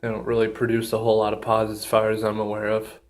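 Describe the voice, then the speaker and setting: A man talking casually in a solo review vlog, halting with many ums and pauses, a bit out of breath, with a runny nose and a burning mouth. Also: fairly low pitch, completely flat delivery, darkish tone. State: slightly out of breath from pepper heat. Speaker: pepper reviewer.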